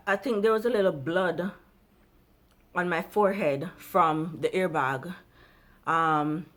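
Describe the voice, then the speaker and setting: A woman vlogger with a somewhat low voice, speaking to camera about her own experience. She rambles and drifts off her point, then finds her way back, growing animated at times and going soft and low at others. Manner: rambling, jumps around then comes back; animated, turns quiet and low at emotional parts. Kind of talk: personal storytelling to camera.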